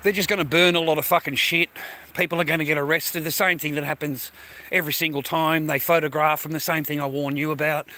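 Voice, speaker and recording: A man's voice: fairly high pitch, little pitch movement, fast talker, pushed and bright. A man with an Australian accent, vlogging outdoors while walking through a neighbourhood, rambling crudely and filling his talk with "mate" and "you know.". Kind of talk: rambling casual vlog.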